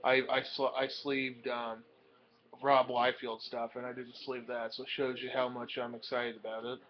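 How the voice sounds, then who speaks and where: A man's voice: mid-range voice, little pitch movement, moderate pace. A young man rambling through his new comics in a casual show-and-tell vlog, with plenty of ums and uhs. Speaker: comic book collector showing purchases. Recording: dull lo-fi home recording.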